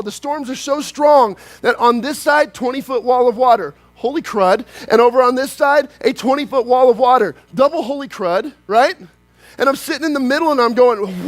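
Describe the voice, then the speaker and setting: A man preaching a sermon as pastor, swinging from loud, animated outbursts to quiet, hushed lines. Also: very high voice, fairly quick, dry recording.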